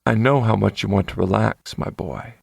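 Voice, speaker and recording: A man voicing a calm, commanding male dom with a low, soothing voice and unhurried authority. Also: vocal fry, husky, no room sound, studio quality, full character voice. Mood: calm, coaxing.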